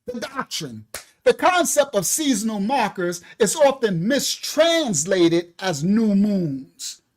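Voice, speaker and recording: Male bible teacher on a livestream, energetic, breaks into exclamations and loose colloquial asides. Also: high-pitched, slow. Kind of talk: livestreamed scripture lesson. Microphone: own microphone.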